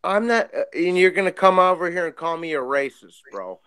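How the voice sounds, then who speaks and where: An excitable young man from the Chicago area chats on a podcast, tripping over his own restarts and cursing as he goes. His voice is fairly high and smooth, heard dry and close. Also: brisk, no echo. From Chicago area, USA. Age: 20s. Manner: excitable, stammering restarts, profane. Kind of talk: casual podcast chat.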